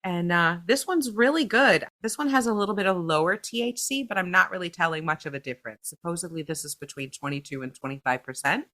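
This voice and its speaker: A woman's voice: fairly low pitch, fast, few pauses, pushed and bright. A woman from upstate New York with an upstate New York accent, co-hosting a casual podcast and reading listener mail with frequent giggles. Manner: giggly, reads listener emails aloud. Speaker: podcast co-host.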